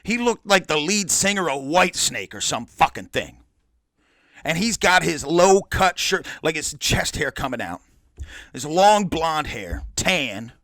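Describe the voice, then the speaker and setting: Brief: middle-aged man, podcast host, lively swooping delivery, bright tone, profane asides. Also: on the high side, a little slow, no echo. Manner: boisterous, profane, rambling asides. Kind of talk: casual storytelling monologue.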